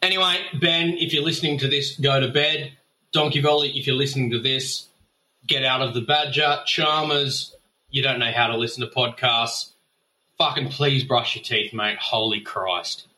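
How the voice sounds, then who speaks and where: A man's voice: mid-range voice, steady tone, normal speed, pushed and bright. An Australian man leaving a casual voicemail, swearing freely and ranting with mock anger. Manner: profane, blustering, mock-angry. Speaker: voicemail caller.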